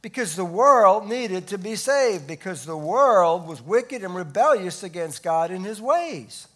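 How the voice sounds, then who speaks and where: A man preaching a sermon, stressing key words loudly and dropping to hushed asides. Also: sits high, lively intonation, unhurried. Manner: emphatic, swinging between loud stresses and hushed asides. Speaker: pastor.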